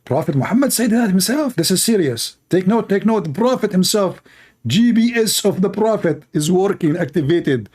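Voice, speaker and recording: A man with an Arabic accent talks in a sarcastic, mocking way, ribbing the clip he is reacting to. His voice sits a little high for a man. He hosts with a teasing, playful edge. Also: lively intonation, normal speed, a little mellow. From Middle East. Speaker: show host reacting to a clip. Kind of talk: mocking commentary.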